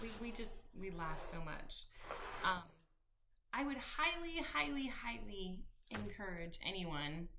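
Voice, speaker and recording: A woman in her fifties with a bright, clear tone talks casually to her viewers as a stitching vlogger. She rambles, circling back with frequent ums and restarted sentences. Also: mid-range voice. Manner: rambling, warm-hearted, many ums and restarts. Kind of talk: casual chat to camera.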